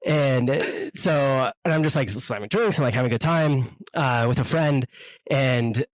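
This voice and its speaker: A man's voice: mid-range voice, a little slow, no echo, rough recording. A young man with an American accent hosting a podcast, telling rambling, joking anecdotes in casual chat. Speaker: podcast host.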